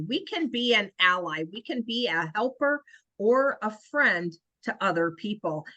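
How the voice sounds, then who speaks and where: A woman co-leads an online training over a video call and reads participants' answers back to them. She talks very slowly, and her pitch moves a lot. The sound is bright and dry, with no room echo. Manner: slow, warm reading of group answers. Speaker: co-facilitator. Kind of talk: virtual training lesson.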